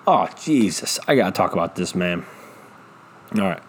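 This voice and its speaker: A man hosts a solo podcast into a studio microphone, ranting in a profane, rambling, self-deprecating way. His low voice is sing-song and slow, with long pauses and a little hiss or hum on the recording.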